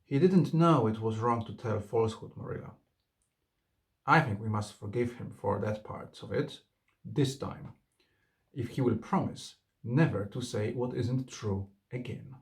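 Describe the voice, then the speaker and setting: A man voicing a kind young woman who gently and sorrowfully reproaches a child, in a storybook reading. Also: lowish voice, unhurried, creaky. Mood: gentle.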